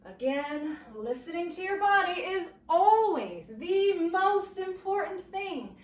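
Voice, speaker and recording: A woman leading a low-impact workout, giving gentle, encouraging cues and getting winded from the exercise. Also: sing-song, takes it slowly, reverberant, distant mic, low-quality recording. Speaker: fitness instructor. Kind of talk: guided workout instruction.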